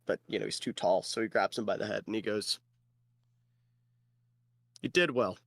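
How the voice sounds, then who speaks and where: A man's voice: lowish voice, flat delivery, quick pace, creaky, no room sound. A man running a tabletop game as game master, narrating in a loose style full of fillers and restarts.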